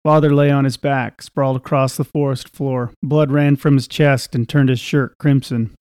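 A man reading a scripted story aloud in a measured, even way. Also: mid-range voice, clean tone, no room sound, studio quality.

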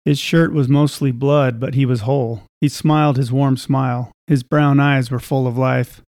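A man reading a scripted story aloud in a measured, even way. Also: medium pitch, no echo, clean studio sound.

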